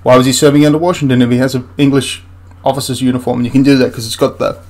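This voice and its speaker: A man's voice: mid-range voice, level tone, rapid-fire, darkish tone. A man hosting a history channel, ranting through a film critique in an exasperated, rambling way with frequent restarts.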